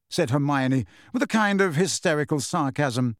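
A man narrating a fantasy novel in a measured, expressive storytelling manner. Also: a little high, no room sound, studio quality. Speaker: audiobook narrator.

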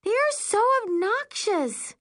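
A woman voicing a grumpy young girl camper who whines and grumbles in a shrill voice. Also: big pitch swings, unhurried, bright, forceful tone, heavily acted. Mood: grumbling.

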